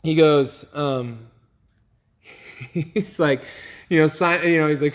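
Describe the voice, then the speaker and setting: A man teaching a youth group in a casual, animated storytelling way, laughing often and using casual fillers. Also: fairly high pitch, unhurried, pauses often. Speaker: youth pastor.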